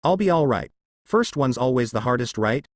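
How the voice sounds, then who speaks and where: A man's voice: mid-range voice, animated, normal speed, no room sound, studio quality, close to an everyday voice. A man voicing a brash young male ninja who talks bluntly and tough, in a fan story read aloud.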